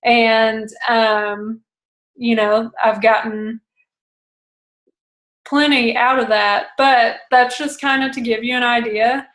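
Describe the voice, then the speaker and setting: Young woman, slightly high voice, chatty coaching talk, echoey room. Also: little pitch movement, slow, a bit bright. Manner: chatty, acts out phone calls in quoted voices. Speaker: direct sales consultant coaching a team. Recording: roomy echo.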